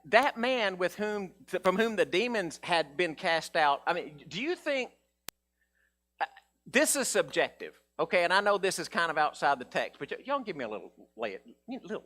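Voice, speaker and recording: A male pastor preaching a folksy sermon, acting out the characters' voices. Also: sits high. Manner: folksy, animated, acts out voices of Bible characters.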